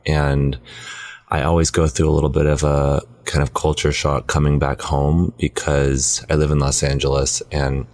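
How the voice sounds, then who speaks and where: Super deep-voiced guy chatting on a podcast, laid back, lots of ums, mic right up close. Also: normal speed. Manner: relaxed, reflective, many fillers. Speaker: podcast co-host. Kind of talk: casual chat. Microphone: close mic on weight plates.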